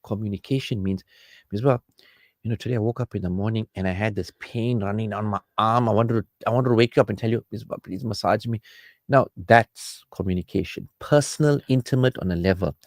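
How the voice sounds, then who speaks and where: Animated male radio counsellor, dry studio sound. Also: lowish voice, fairly quick, no echo. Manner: animated, preachy, acts out quoted spouses. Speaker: marriage counsellor and radio host.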